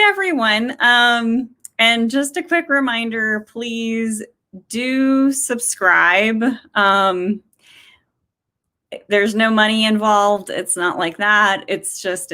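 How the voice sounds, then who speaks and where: Casting note: woman host, chatty and rambling, a bright, forceful voice. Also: medium pitch. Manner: chatty, laughing, rambling with fillers. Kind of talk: casual chat.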